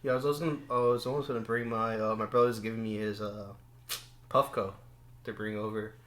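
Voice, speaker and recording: A man's voice: on the low side, fairly even intonation, quick pace, fairly bright tone. A young man, a podcast guest, telling stories in laid-back casual chat, swearing freely. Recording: roomy echo.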